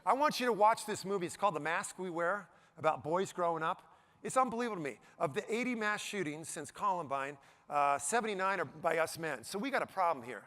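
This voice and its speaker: Middle-aged male speaker with a high, bright voice, working the room with jokes and questions. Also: fairly quick. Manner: animated, jokey, asks the audience questions. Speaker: motivational speaker. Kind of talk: live keynote talk to an audience. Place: event stage before a live audience.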